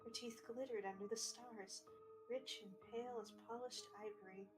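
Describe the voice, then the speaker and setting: A woman narrating a horror story aloud in a steady, measured way as co-reader on a stream. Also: on the high side. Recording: faint music in the background.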